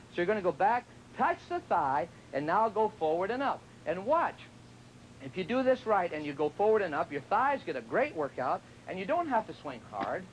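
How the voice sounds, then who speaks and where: High voiced guy coaching tennis, jokey and chatty, bounces all over, bit of hiss on an old tv tape. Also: poor audio. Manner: chatty, joking, acts out students' lines. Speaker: tennis instructor. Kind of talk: televised tennis lesson.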